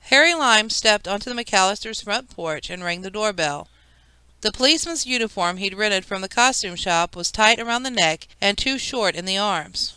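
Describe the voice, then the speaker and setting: A woman narrating a children's audiobook in an even storytelling way. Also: medium pitch, normal speed, smooth, no echo. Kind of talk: scripted narration.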